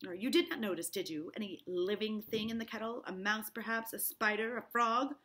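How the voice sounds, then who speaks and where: A woman's voice: medium pitch, a little fast, pushed and bright, lightly acted. A woman reading aloud and voicing a stern male minister who questions the accused with insistent, probing questions. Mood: interrogating.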